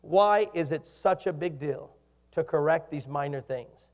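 A middle-aged male pastor preaching a sermon with a fairly high voice. He is animated and asks his congregation questions. The sound carries a long reverb from the church hall. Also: measured pace, dull audio.

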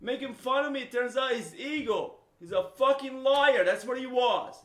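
A middle-aged man, a native Arabic speaker from the Middle East who owns a software company, ranting to camera with passion, repeating himself and swinging between loud and low. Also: animated, moderate pace, reverberant. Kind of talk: unscripted rant to camera.

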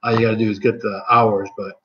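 Here the Michigan streamer talks fast in a lowish, fairly flat voice, rambling with frequent ums and self-corrections as he chats casually with viewers from home. The recording is roomy and a bit dull, with a little hiss or hum.

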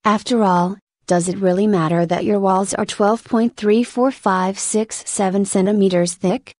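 A woman's voice: mid-range voice, fairly even intonation, measured pace, a little mellow, no room sound, studio quality, close to an everyday voice. A woman voicing a blunt, talkative female senior reviewer in a spoken story reading. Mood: exasperated.

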